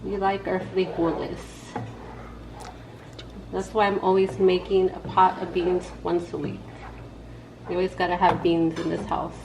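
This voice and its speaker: A woman's voice: lowish voice, level tone, a little slow, pauses often, highs cut off. A woman hosting a casual cooking vlog from her home kitchen, chatty and slangy, talking straight to her viewers. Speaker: home cook host. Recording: echoey room with background noise.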